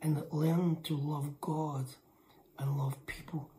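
A woman preaching a sermon with emphasis. She repeats lines for weight and often drops into a hushed whisper. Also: low-pitched, little pitch movement, slow pace, slight background noise.

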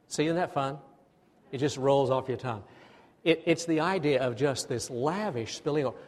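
A man preaching a sermon to his congregation. He speaks with animated energy and leads the people in repeating phrases back to him. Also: mid-range voice, moderate pace. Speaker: pastor. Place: church sanctuary. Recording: long hall reverb.

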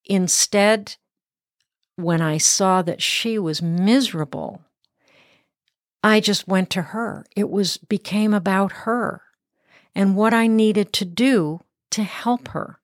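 A woman's voice: medium pitch, slow pace, dry recording, studio quality. A middle-aged woman hosting a parenting show, giving earnest, emphatic advice and checking in with "right?". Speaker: parenting podcast host. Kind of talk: instructive monologue.

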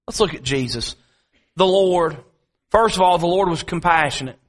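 A man preaching a sermon, telling a story from home and then building to repetitive, dramatic appeals with slow, drawn-out emphasis. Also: fairly high pitch. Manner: dramatic preaching, swings between drawn-out emphasis and quick asides; repetitive, rhetorical delivery.

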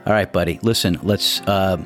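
A man's voice: deep voice, fairly even intonation, normal speed, a bit bright, soft background music. A man in his sixties hosting a podcast, keeping the interview chat easygoing and affirming. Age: 60s. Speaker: podcast host.

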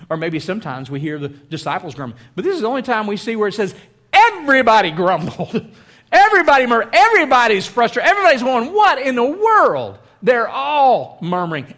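A man preaching a sermon, animated, acting out the voices of the crowd. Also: a little high. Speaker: pastor.

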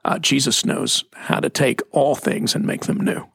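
Man, gravelly voice, slightly husky, casual preaching talk, dry sound. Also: mid-range voice, steady tone, moderate pace, fairly bright tone, dry recording. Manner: storytelling, emphatic. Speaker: pastor co-hosting a faith talk.

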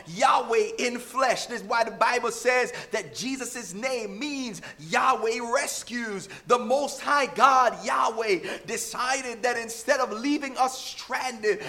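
A male pastor preaching with fervor, his voice pitched very high and bright. He keeps calling out to the congregation and slips into bits of hymns as he goes. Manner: fervent, repeatedly calls out to the congregation; breaks into snatches of hymns. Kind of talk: sermon.

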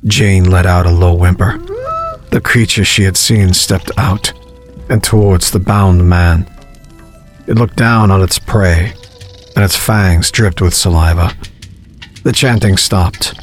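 A man narrating a horror story in a measured, grim storytelling manner. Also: deep voice.

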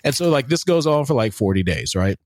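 Animated man retelling a story casually. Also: mid-range voice, a little fast, no room sound. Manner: animated, slangy, jokey storytelling. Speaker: podcast co-host.

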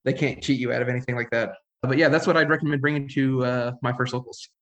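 Male podcast co-host, plain practical advice, relaxed chat. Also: medium pitch, fast talker, muffled recording. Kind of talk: casual chat.

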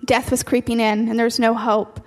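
A woman's voice: fairly high pitch, little pitch movement, brisk. A woman preacher delivering an earnest sermon, repeating key phrases for emphasis. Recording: long hall reverb with faint music.

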